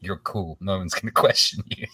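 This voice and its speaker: Low-voiced English man, distant, dry sound. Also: normal speed, husky, dry recording. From southern England. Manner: relaxed, frank, swears casually. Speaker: guest writer. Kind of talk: casual podcast chat.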